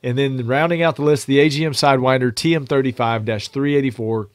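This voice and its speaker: A man's voice: medium pitch, fast talker, no room sound. A man co-hosting a podcast, reading a product list methodically in a casual chat. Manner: reads product lists at a steady, methodical pace. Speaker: podcast co-host.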